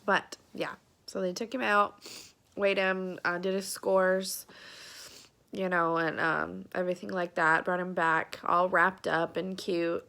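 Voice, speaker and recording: Young woman vlogger, tearful personal story, slow and halting. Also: lowish voice, level tone, vocal fry, bright, forceful tone. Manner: emotional, close to tears, many fillers.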